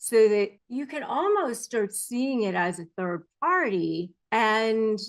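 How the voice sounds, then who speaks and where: A woman's voice: on the high side, lively intonation, takes it slowly. A middle-aged woman giving earnest advice to camera as a coach, explaining behaviors and mimicking phrases people say. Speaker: narcissism negotiation coach.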